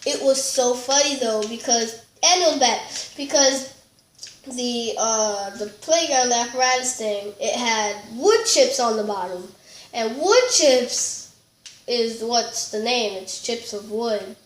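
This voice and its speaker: A woman's voice: on the high side, slow pace, roomy sound, a little hiss or hum. A woman telling a funny school story in casual chat, rambling and giggly with lots of fillers and restarts. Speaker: storytelling vlogger.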